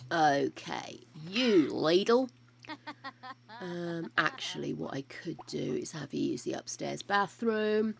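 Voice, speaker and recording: A woman's voice: on the low side, sing-song, slow pace, vocal fry, pauses often. An older woman streaming a life-simulation game, chatting casually to her characters and her viewers, with the odd bit of mild swearing. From United Kingdom.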